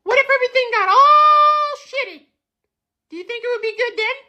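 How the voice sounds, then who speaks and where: A man voicing a small, childlike, foul-mouthed furry red puppet monster in a squeaky high voice, rambling in mock-dramatic, profane rants. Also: moderate pace, dull audio. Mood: ranting.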